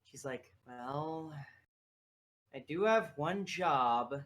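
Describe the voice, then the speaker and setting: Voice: mid-range voice, animated, drawn-out words. A game master voicing a tired woman clerk who hesitantly explains an outdated job.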